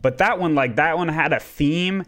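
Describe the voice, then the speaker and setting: A man's voice: fairly high pitch, normal speed, fairly bright tone. A man hosting a casual podcast, rambling along and swearing freely. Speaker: podcast host.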